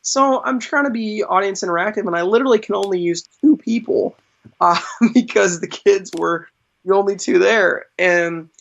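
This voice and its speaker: A man's voice: high voice, normal speed, creaky, fairly bright tone. A man being interviewed as a magician, telling stories in a chatty way, laughing often and using lots of fillers. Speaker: magician, podcast guest. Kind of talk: casual interview storytelling. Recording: dull lo-fi sound.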